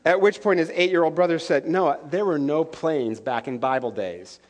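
A man with a high, light voice preaches a sermon. He keeps it conversational and playful, teasing and checking in with his listeners as he goes. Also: moderate pace. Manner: lively, joking, conversational preaching with frequent "right?". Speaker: pastor.

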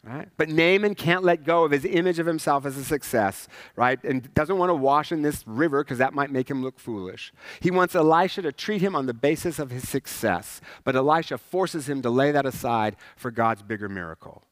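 A man's voice: mid-range voice, animated, normal speed, hardly any pauses, no echo, studio quality. A man preaching a sermon as a pastor in a conversational way, often checking in with the congregation and acting out characters. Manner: conversational, asks "right?" often, acts out characters.

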